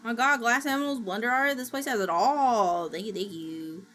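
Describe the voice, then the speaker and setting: A woman streaming, chatting casually while she works and gasping and squealing with excitement as she greets viewers. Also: a little high, moderate pace. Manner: excitable, gasps and squeals at new followers; chatty and self-mocking, talking while working. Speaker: VTuber streamer. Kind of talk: casual livestream chat. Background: faint background music.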